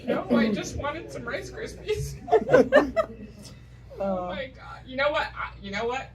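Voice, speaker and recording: A woman's high, expressive voice, a little slow, carries her stand-up routine on a comedy stage. Hailing from New England, she tells wry, self-deprecating stories with punchy asides. The live recording uses a distant mic, and the audience is loud.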